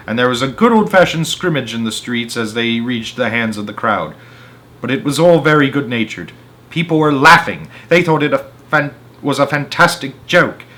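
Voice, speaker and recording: A man reading a children's book aloud, expressive, with small slips and restarts. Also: medium pitch. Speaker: storyteller.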